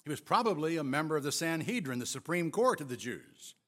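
A man preaching a sermon, retelling scripture with expressive, emphatic storytelling. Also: a little high, brisk. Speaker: pastor.

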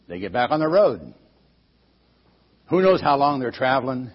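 A man's voice: medium pitch, sing-song, normal speed, long pauses, slightly rough, muffled recording. A man telling a Bible story to children in a playful way, asking the listeners questions. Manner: asks the audience questions, playful.

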